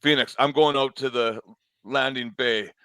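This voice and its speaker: A man playing a gruff soldier in a tabletop role-play, talking in a casual, bantering way. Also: mid-range voice, fairly even intonation, unhurried, bright, forceful tone, no echo. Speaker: player.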